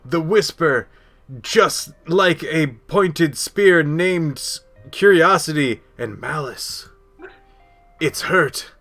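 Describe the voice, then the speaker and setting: A man reading aloud as a frightened, lonely orphan girl, halting over words. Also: on the high side, lively intonation, pushed and bright, soft background music, heavily acted. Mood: despairing. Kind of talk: reading a story game aloud in character.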